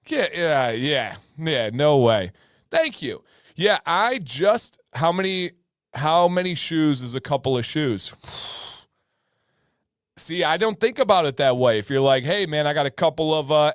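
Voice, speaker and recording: Male stream host, casual joking chat, slightly higher voice, dry close sound. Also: no room sound. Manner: laid-back, joking, repeats phrases as he reacts. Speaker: livestream host. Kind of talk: casual livestream chat reading comments.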